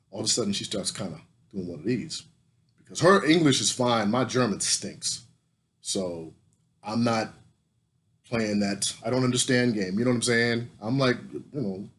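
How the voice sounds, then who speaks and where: An American man telling a story in a casual, comic way, swearing a lot and rising to loud indignation. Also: lowish voice. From United States.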